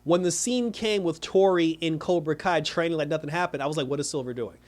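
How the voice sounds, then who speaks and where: Male reviewer, somewhat high voice, animated rambling recap. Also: brisk. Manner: animated, talks in rambling restarts and quoted asides. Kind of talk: casual episode recap.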